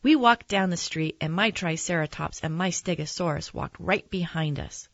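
A woman reading a children's picture book aloud in a gentle, expressive storytelling manner. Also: lowish voice, moderate pace, no room sound, muffled recording. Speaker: narrator.

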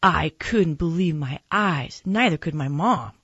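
A woman reads a children's picture book aloud, slow and gentle. Her voice sits a little low, with lively expression. The recording is dry and close, slightly dull in tone. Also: slightly rough, no room sound. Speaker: storyteller.

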